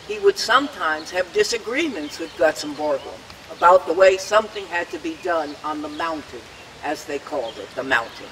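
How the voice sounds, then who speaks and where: A man's voice: fairly high pitch, a bit bright, long reverb tail, slight background noise, rough recording. An older man giving a prepared, earnest speech at an outdoor memorial dedication, reminiscing about the past and acting out the voices he quotes. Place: outdoors at a public dedication ceremony.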